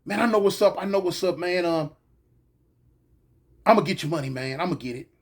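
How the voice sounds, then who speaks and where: A man telling a story in a casual, animated way, acting out the voices of the people in it. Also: high voice, fairly quick.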